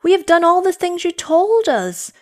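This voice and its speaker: Pleading little children, as a woman puts them on, their voices jumping high and swinging widely from line to line. They sound breathless and eager, as if begging in a storybook reading. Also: sing-song, moderate pace.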